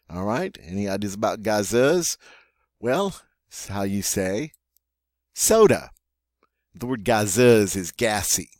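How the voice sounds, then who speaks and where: Low-voiced man teaching with playful lilt. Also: no echo, clean studio sound. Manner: playful, joking, repeats each word slowly. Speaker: French teacher. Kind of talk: vocabulary lesson.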